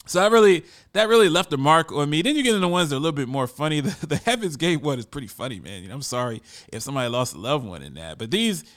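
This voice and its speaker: A man's voice: a little high, sing-song, fast, hardly any pauses, fairly bright tone. A man telling a story in a casual monologue, conversational and often repeating words as he restarts.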